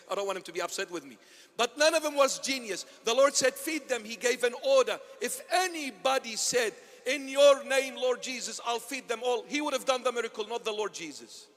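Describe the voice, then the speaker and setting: A man, a bishop, preaching an impassioned sermon that swings between loud and hushed. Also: extremely high pitch, lively intonation, fairly quick. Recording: long hall reverb.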